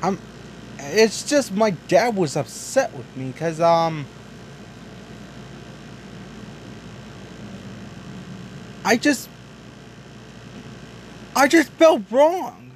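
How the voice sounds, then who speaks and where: A young toy truck, guilty and nervous, who stammers and apologizes over and over in a high, lively voice that jumps up and down, as a man puts him on. It is a homemade toy drama, spoken slowly. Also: slight background noise, full character voice, poor audio. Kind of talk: hobby toy drama voice acting.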